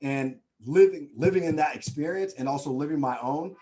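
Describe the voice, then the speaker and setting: Lively storyteller man from Nebraska. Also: normal speed. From Nebraska, USA. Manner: lively storytelling, acts out quoted people with high excited voices; addresses the audience as y'all, frequent "right?". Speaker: motivational speaker. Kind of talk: webinar talk.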